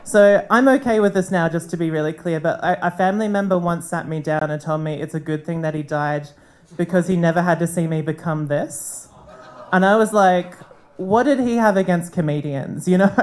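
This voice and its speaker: A woman comedian doing a dry, dark stand-up set with frank asides, on a comedy club stage into a handheld mic. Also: on the low side.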